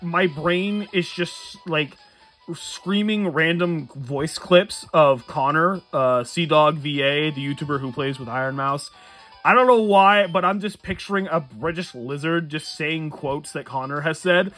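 A man's voice: on the high side, bright, forceful tone. A man giving casual let's-play commentary late at night, tired, rambling and chuckling at his own jokes. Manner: rambling, self-amused, chuckles often. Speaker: gamer playing a Nuzlocke run.

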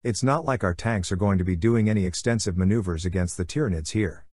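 A pessimistic male officer speaks curtly and bluntly, voiced by a man reading a story. His voice sits low and plain. The sound is dry and close. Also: fast, darkish tone, no echo. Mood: grim. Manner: blunt and curt.

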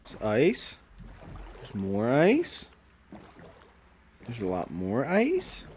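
A man giving crude gameplay commentary who swears constantly and lurches from hushed murmurs to yelling. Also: mid-range voice, wildly swooping pitch, extremely slow, a little hiss or hum. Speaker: gaming channel host.

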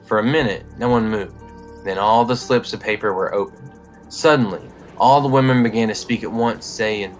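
A man reads a short story aloud in a measured, even storytelling manner. His voice sits on the low side. Faint music plays beneath. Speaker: narrator. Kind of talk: story reading.

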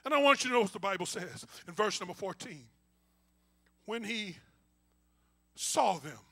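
A male pastor preaching a call-and-response sermon, swinging from quiet asides to shouting and talking to the congregation informally. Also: high voice, lively intonation, normal speed, gravelly, slightly rough. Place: church.

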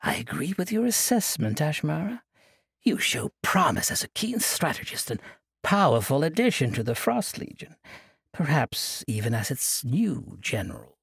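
A man's voice: fairly high pitch, big pitch swings, moderate pace, gravelly, fairly bright tone, husky, no echo, clean studio sound, voice pushed up, exaggerated voice. A man doing a silky, commanding demon queen. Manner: silky, then imperious.

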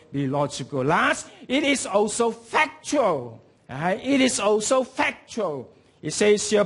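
This middle-aged pastor has a high voice and tells stories throughout his sermon. He swings vividly between soft asides and loud, emphatic peaks.

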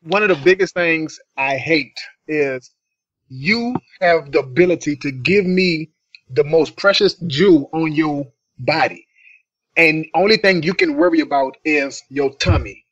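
A man's voice: a little high, a little slow, fairly bright tone. A man co-hosting a podcast in casual chat, speaking in an earnest, emphatic way. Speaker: podcast co-host. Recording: dull, dry lo-fi audio.

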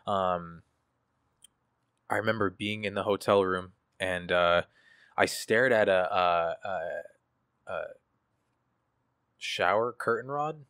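Low-voiced man speaking candidly. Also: slow, pauses often, fairly bright tone, clean tone, dry recording, clean studio sound. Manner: casual, profane, reflective with many fillers. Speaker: guest artist. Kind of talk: candid interview.

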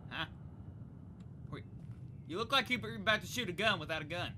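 A young woman gaming YouTuber giving excitable, chatty let's play commentary. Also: fairly low pitch, normal speed, a little hiss or hum. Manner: excitable, chatty, reacts out loud.

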